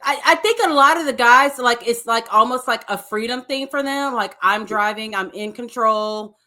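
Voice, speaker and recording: A woman's voice: on the high side, normal speed, sharp tone. A woman co-hosting a casual podcast chat, reacting with blunt, joking comments and frequent laughter. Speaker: podcast co-host.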